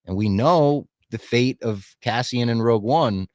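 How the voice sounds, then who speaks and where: A man's voice: medium pitch, a little slow, darkish tone, no room sound, clean studio sound. A man in casual podcast chat, talking with enthusiasm, swearing freely and acting out lines he quotes. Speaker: podcast co-host.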